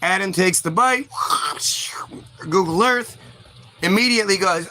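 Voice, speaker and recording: A man tells a crude, rambling comic story full of swearing. His voice sits high and bright. He keeps the telling loose and animated. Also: measured pace, long pauses. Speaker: comedian. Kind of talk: profane comedic storytelling.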